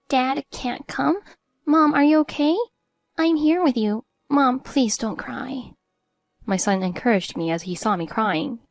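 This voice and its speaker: A woman's voice: medium pitch, no room sound. Earnest woman narrating a first-person story.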